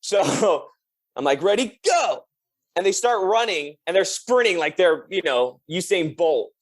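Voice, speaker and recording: As a podcast guest, this young drummer chats casually in an expressive, slightly high voice at a measured pace. He spins laid-back stories heavy on "like," breaking into laughter as he mimics the people he quotes.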